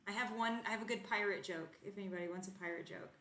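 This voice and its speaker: A giggly, upbeat woman chats on a video call, laughing between lines. Her voice is bright and forceful, in a middle register. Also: mid-range voice, fast talker. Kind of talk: casual chat on a video call.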